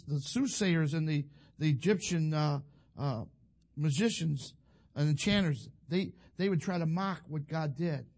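A male preacher, giving a folksy sermon that builds to fervent shouting. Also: high-pitched.

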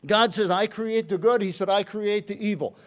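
A male preacher delivering a sermon in a high-pitched voice. He swings between loud, emphatic rises and quiet, low drops as he works through scripture. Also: normal speed. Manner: emphatic, rising and falling delivery.

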